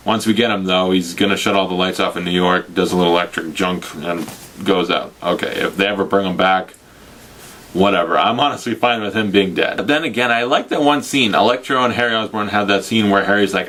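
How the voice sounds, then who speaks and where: A young man talks through a film review in a casual, ranting way, slipping into mocking quoted voices. His voice sits somewhat low. He swears freely and keeps a sarcastic edge throughout. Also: steady tone, brisk, fairly bright tone. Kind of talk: casual spoiler review rant.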